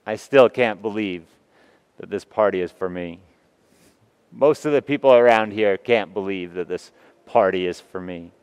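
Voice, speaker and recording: A man preaching, retelling a story in the first person with earnest, emotional delivery and long pauses. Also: lowish voice, clear, resonant tone, muffled recording. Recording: long reverb of a large hall.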